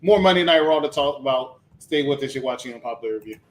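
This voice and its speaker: A man hosting a casual wrestling chat show, with dry, understated quips. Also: quick pace. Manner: dry, low-key quips and understated delivery. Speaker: podcast host.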